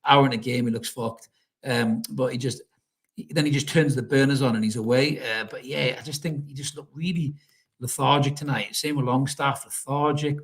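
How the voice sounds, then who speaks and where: A man talks loosely through a live stream, reading out comments and answering them. He swears freely and calls his listeners mate. His voice sits in an ordinary middle pitch. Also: steady tone, moderate pace. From North East England. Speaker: fan channel host reading live chat. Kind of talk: casual live stream chat.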